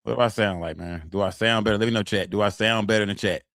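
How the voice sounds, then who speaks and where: A man rattles along at a quick clip in loose, profane slang, circling back over the same phrases as he talks to his live-stream chat. His voice sits at an ordinary pitch and sounds dry and close, with almost no room around it. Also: steady tone, gravelly, fairly bright tone, dry recording. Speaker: streamer reacting to court footage. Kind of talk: casual live-stream commentary.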